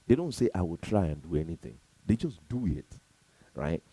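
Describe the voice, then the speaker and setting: Deep, emphatic man preaching to camera. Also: sing-song, moderate pace, low-quality recording. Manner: preachy, repetitive, emphatic, swings between loud and soft. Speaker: motivational speaker. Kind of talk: motivational talk to camera.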